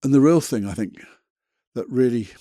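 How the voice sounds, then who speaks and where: A man's voice: mid-range voice, normal speed, warm tone, no room sound, studio quality. A man hosting a self-help podcast, talking in a blunt, chatty, motivational way with the odd mild swear. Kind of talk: casual motivational monologue.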